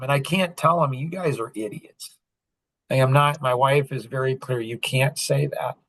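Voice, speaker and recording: On his podcast, a male host shares casual stories, voicing the quoted dialogue with plenty of animation. He has a mid-range, somewhat bright voice, and no room sound comes through.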